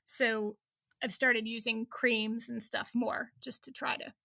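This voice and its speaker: Gravelly, bright-toned woman in her fifties. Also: a little high, flat delivery, takes it slowly, no room sound, studio quality. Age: 50s. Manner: chatty, laughs often, many restarts and fillers. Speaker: guest, TV news reporter. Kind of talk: casual interview chat.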